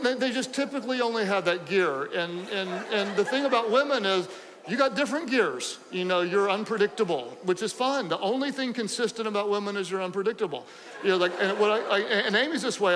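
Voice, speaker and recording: A man preaching a sermon as pastor, animated and joking, repeating phrases for emphasis. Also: high-pitched, in a large hall, noisy background.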